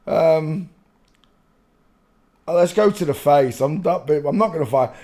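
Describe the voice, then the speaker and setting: A man talking casually to his viewers on his own channel. His voice sits a little high, and he rambles with restarts and the odd curse. He often slips into giggling. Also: measured pace, dark tone. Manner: rambling, swearing, prone to giggling fits. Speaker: channel host. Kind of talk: casual commentary.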